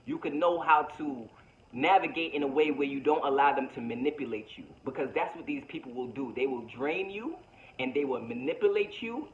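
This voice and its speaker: A man's voice: a little high, highs cut off. A man vlogging a motivational monologue to his viewers, preachy and slangy, repeating himself and calling them baby.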